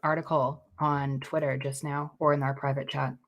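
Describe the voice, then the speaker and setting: A woman with a very low voice co-hosts a casual podcast. She explains her points in an earnest, careful way. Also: level tone, normal speed. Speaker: podcast co-host. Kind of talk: casual chat.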